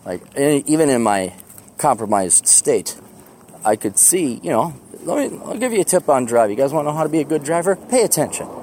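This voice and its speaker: This slightly high, very animated and somewhat mellow voice belongs to a podcast host talking fairly quickly, with slight background noise. He rambles casually while walking outdoors to the bus, making fun of himself and laughing often.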